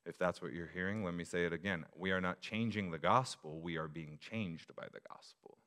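Man preaching a sermon, low voice. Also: a little fast. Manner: builds from quiet reflection to loud emphatic appeals. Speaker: pastor.

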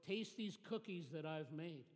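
A man's voice: a little high, lively intonation, a little slow. A man voicing a fretful, cookie-loving male toad in a storybook read-aloud, with a plaintive, pleading tone. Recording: reverberant hall.

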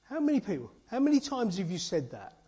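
A man's voice: high-pitched, huge pitch swings, fairly quick, mellow, husky. A man preaching an informal sermon as a church elder, earnest and chatty, full of rhetorical questions and asides.

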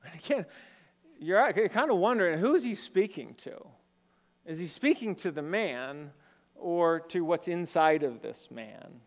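A pastor with a higher-pitched voice and lively intonation preaches a sermon at a measured pace, keeping it conversational and often posing rhetorical questions to the congregation. A long hall reverb surrounds the recording.

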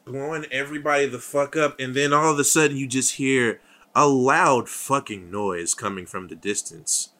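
A man's voice: medium pitch, normal speed. A man co-hosting a podcast, chatting casually and profanely about a movie and acting out the characters' lines. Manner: profane, animated, acts out quotes. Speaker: podcast co-host.

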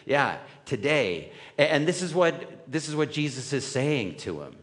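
A man's voice: mid-range voice, very animated, a little slow, fairly bright tone. A man preaching a sermon in a conversational way, often checking in with the room with "right?". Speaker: pastor. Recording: reverberant hall.

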